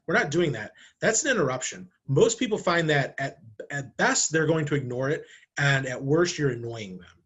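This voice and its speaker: A man's voice: a little high, expressive, normal speed, fairly bright tone, husky, highs cut off. A man, a marketing director, talks to camera in a conversational way, asking rhetorical questions and acting out short examples. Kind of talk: talking-head marketing video. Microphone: camera, speaking to camera.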